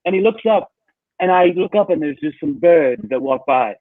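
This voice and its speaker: Podcast cohost guy, kinda high, animated, restarts a lot, sounds like a phone line. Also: normal speed, no echo. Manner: animated storyteller, stumbling restarts. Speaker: podcast co-host. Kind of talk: casual chat. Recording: dry tinny phone-like line.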